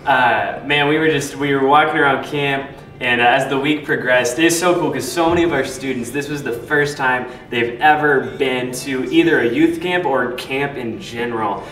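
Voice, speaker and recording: A man's voice: mid-range voice, moderate pace, fairly bright tone. A young adult man, a youth pastor, retelling funny camp moments casually with lots of fillers and laughs. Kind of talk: casual storytelling to camera. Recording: roomy, distant, faint music.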